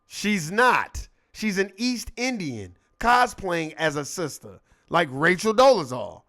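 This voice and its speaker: A man's voice: high-pitched, very animated, takes it slowly, bright, forceful tone. A man hosting his own show, giving a heated, profane political rant and mocking people by acting out their lines. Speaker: show host.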